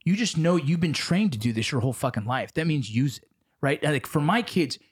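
Fast-talking profane male podcast host. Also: on the high side, animated, breathy edge. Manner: fast, profane, acts out the voices in his stories. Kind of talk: casual chat.

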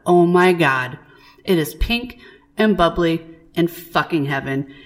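A woman co-hosting a podcast, chatting casually and telling stories in an animated, profane way. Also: lowish voice, takes it slowly. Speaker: podcast co-host. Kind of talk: casual chat.

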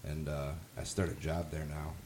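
A man's voice: a bass voice, little pitch movement, normal speed, darkish tone. A young man, a podcast guest, telling rambling, profane stories in casual chat.

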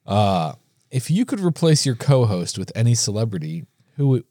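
A man's voice: mid-range voice, very animated, dark tone, dry recording, studio quality. A man co-hosting a podcast in casual chat, jokey and fond of silly voices. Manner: jokey, drawn-out delivery, plays with silly voices. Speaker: podcast co-host.

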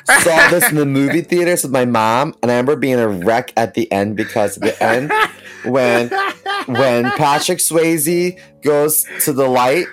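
A young man co-hosting a podcast, telling stories in a lively, teasing way. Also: mid-range voice, unhurried. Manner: animated storytelling, camp teasing. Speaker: podcast co-host. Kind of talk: casual chat.

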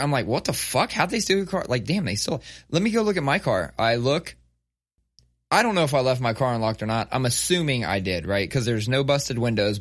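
A man's voice: fairly low pitch, no echo, clean studio sound. A man in his thirties telling a story in casual, profane conversation, acting out quotes as he goes. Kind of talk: casual chat.

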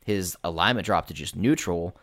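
Casting note: low-voiced game master guest, rambling and casual, heavy on fillers. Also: male voice, normal speed, fairly bright tone. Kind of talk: casual interview chat.

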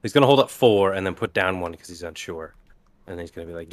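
Low-voiced man playing a tabletop game. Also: fast, dry recording. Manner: chatty, laughing, describing his character's actions. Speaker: player. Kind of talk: casual tabletop play.

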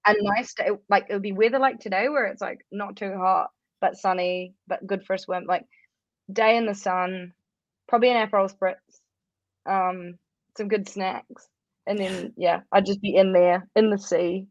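A woman's voice: medium pitch, fairly even intonation, moderate pace, no echo, highs cut off. A woman with a New Zealand accent, a musician guest chatting casually and rambling with lots of fillers. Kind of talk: casual interview chat.

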